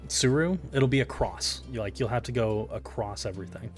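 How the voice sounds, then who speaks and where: A man narrating a tabletop game as game master, in measured, descriptive storytelling. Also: mid-range voice. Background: background music.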